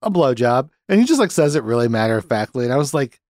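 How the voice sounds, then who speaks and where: A man's voice: mid-range voice, sing-song, racing, darkish tone, dry recording. A man talking casually as a podcast guest, laughing often and retelling scenes with quoted lines. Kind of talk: casual movie review chat.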